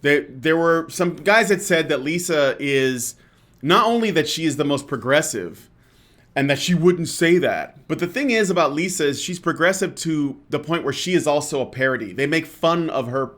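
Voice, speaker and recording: Man ranting, higher-pitched and profane. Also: lively intonation, moderate pace, fairly bright tone. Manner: profane, exasperated, with frequent fillers and restarts. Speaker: podcast host. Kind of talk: heated casual rant.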